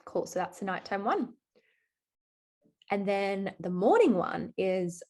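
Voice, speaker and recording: A woman's voice: medium pitch, very animated, slow pace, pauses often, a little mellow. Upbeat young woman leading a team video call, chatty and hyping everyone up, medium voice. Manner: upbeat, chatty, motivational, reads affirmations aloud. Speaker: team coach leading a recruiting session. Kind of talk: live online coaching session.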